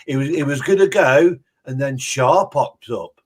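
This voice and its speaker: A man's voice: mid-range voice, measured pace. A man hosting a live stream, talking casually in a rambling way, repeating himself and laughing often. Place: live video call.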